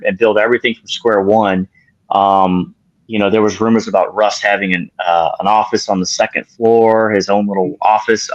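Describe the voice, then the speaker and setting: A man's voice: lowish voice, no room sound, lo-fi sound. A man who is a guest on a casual sports talk show, talking away from the mic and rambling with fillers and self-corrections.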